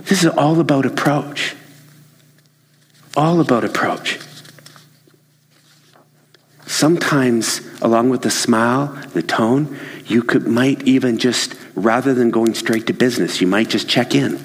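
A man's voice: medium pitch, unhurried, in a large hall. A man giving a casual talk on workplace communication, acting out little scenes and laughing along the way. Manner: animated, acts out little scenes with raised voices and laughs. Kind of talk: casual talk with acted-out examples.

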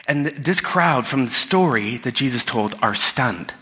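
A man's voice: mid-range voice, animated, moderate pace, few pauses, bright, forceful tone. A middle-aged man preaching a sermon in a casual storytelling way, often restarting his sentences, recorded in a church hall. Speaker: pastor. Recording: long hall reverb.

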